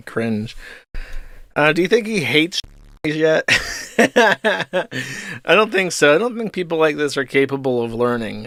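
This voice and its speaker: A man's voice: on the high side, a bit bright, no echo, clean studio sound. A man giving sarcastic, profane commentary over video clips as the host of an online show.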